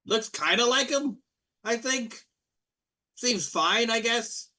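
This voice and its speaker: A man's voice: extremely high pitch, animated, slow pace, bright, forceful tone, voice pushed up, exaggerated voice. A man voicing a brash, pushy male water fey tavern keeper with a Long Island accent. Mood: rambling. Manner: pushy, rambling, interrupts others.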